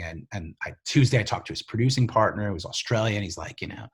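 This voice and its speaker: A middle-aged man, a TV writer and showrunner, telling stories in a casual interview, lively and full of fillers, acting out the voices of other people. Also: fairly low pitch, fast, hardly any pauses, slightly rough. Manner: animated, filler-heavy storyteller who acts out quoted voices.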